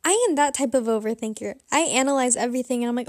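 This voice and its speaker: A young woman with a bright, high voice shares a candid story in a casual confessional vlog. She rambles and reflects on herself as she goes. The recording is dry and close, with no room sound. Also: very fast, few pauses, no room sound. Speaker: vlogger.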